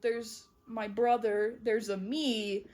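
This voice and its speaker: A woman's voice: on the high side, level tone, takes it slowly, a little mellow. A woman voicing a bewildered young male cat seer who is confused and startled. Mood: uneasy.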